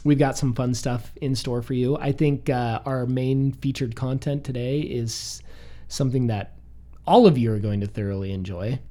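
A man co-hosting a casual podcast chat in a booming, announcer-style radio voice. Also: moderate pace, mellow. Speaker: podcast co-host.

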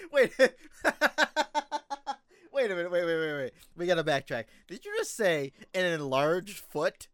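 A man's voice: on the high side, animated, normal speed, hardly any pauses, clean tone, no echo, studio quality. A young man co-hosting a podcast in casual chat, laughing often as he talks. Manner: giggly, laughs often while talking. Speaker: podcast co-host.

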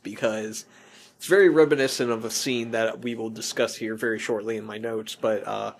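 A man's voice: medium pitch, a little hiss or hum. Rambling male podcast host. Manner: rambling, self-correcting. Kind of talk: casual movie podcast chat.

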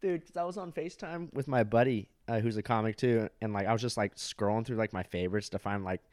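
Young man with a low voice. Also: fast talker, a little mellow, no room sound, studio quality. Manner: loose, filler-heavy storytelling. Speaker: comedian, podcast guest. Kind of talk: crude casual chat.

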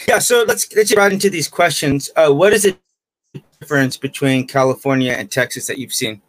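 A man's voice: on the high side, a little fast, fairly bright tone, no room sound, poor audio. A man hosting a casual conversation, chatty and joking, who often stumbles over his words. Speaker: host.

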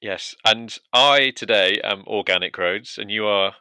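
Man, bright, dry close sound. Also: fairly low pitch, unhurried, clear, resonant tone, no echo. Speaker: podcast co-host. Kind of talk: comedy podcast banter.

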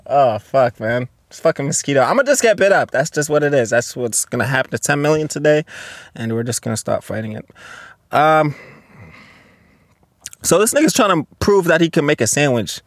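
Here the same kind of host, a twentysomething man running a solo podcast, reads posts out and fires back blunt, loud, profanity-laden reactions. His pitch is on the high side, and the studio recording is clean and dry.

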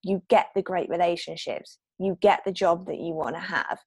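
A woman's voice: lowish voice, normal speed, slightly rough, dry recording. A woman guest on a podcast, explaining her views with confident emphasis. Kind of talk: casual podcast conversation.

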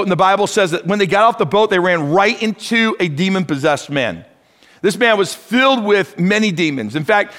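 A pastor preaches with animated delivery, acting out the dialogue he quotes. He's a man with a fairly high voice. The sound rings with a long hall reverb. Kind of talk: sermon.

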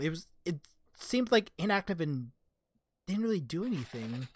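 A woman running a tabletop game on a stream, animated and laughing often, trying out playful character voices. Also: on the low side, moderate pace, husky. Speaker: game master.

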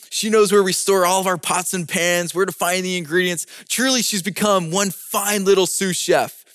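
A man with a high voice gives a prepared talk. He acts out scenes as he tells a story and poses rhetorical questions. The recording is dry and close. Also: no echo. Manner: animated storyteller acting out scenes. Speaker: speaker giving a prepared talk.

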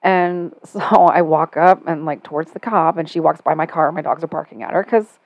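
Lively storytelling middle-aged woman. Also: deep voice, brisk, no echo, dull audio. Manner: animated storytelling, sarcastic when quoting herself. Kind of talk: casual chat.

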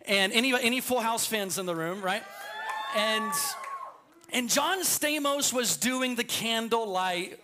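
High bright-voiced man preaching. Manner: storytelling, stammering restarts. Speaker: pastor. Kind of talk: sermon. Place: church sanctuary.

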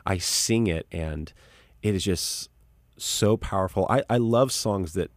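A man with a very low voice talks as an interview guest, earnest and reflective, often restarting his sentences. The sound is dry and close, with no room around it. He reads as a pastor and musician. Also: a little slow, no room sound. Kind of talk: conversational interview.

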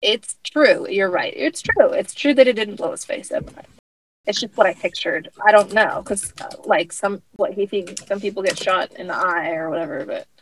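A woman casually recapping a TV episode with a friend, retelling scenes with quick acted-out quotes and laughter. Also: medium pitch, a little hiss or hum, rough recording. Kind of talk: casual chat recapping a TV show.

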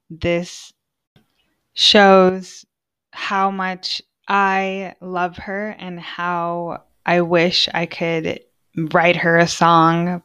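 A woman's voice: fairly low pitch, a bit bright, clear, resonant tone. A young woman hosting a podcast, talking casually and from the heart, with lots of filler words. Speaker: podcast host. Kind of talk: personal monologue.

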